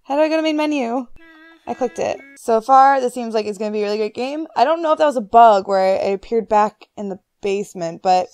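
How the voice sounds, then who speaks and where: Quick and smooth, her voice a touch mellow on a dry recording, a young woman gaming YouTuber riffs casually through a horror game. It's let's play commentary: she reads text aloud, jokes to herself, and squeals high-pitched when startled.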